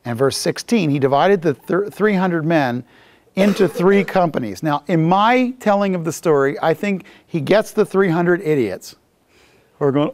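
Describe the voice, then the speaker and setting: A Bible teacher lectures to a class with a very lively, swooping voice. The talk is jokey and conversational, moving from read passages to playful asides and acted-out bits. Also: mid-range voice, normal speed. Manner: jokey and conversational, acting out scenes.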